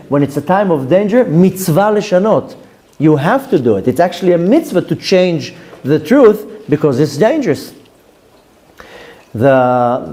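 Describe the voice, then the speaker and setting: A man, a rabbi giving a Torah class and telling stories with lively, acted-out quotes. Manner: lively storytelling, voices quoted speakers with big pitch jumps.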